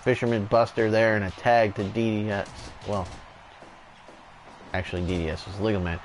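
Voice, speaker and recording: Casual male game commentator, lowish voice, laid-back play-by-play with faint room hum. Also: normal speed. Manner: relaxed, chatty, laughs and goes off on tangents.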